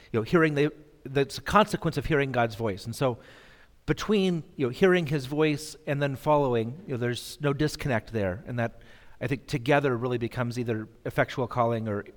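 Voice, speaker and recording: A man giving an unscripted bible lesson to a live audience, his pitch sitting in an ordinary middle range. He halts, restarts words and fills gaps with ums, and pokes fun at himself. His voice rings out into a hall with a long reverb. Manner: halting, with many fillers and restarts; self-deprecating. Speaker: bible study teacher.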